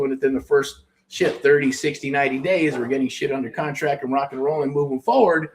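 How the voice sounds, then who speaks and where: A man's voice: mid-range voice, fairly even intonation, fairly quick. Rambling, cursing middle-aged American man. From United States. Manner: rambling, profane, self-interrupting. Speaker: host. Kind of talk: casual promotional talk.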